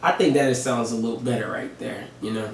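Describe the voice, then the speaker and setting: A man's voice: mid-range voice, quick pace, gravelly, far from the mic, slight background noise. Slangy laid-back man, roomy sound. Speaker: reaction channel host. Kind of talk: casual chat. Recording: roomy, a bit off-mic.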